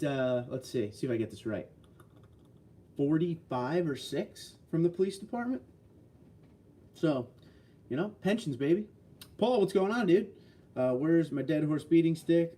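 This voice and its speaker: A man in his sixties chats casually on his livestream, answering viewer comments with blunt, folksy opinions. His voice sits a little high for a man, with a mellow, unhurried warmth. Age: 60s. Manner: blunt, folksy, opinionated, reads out chat messages. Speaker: livestream host.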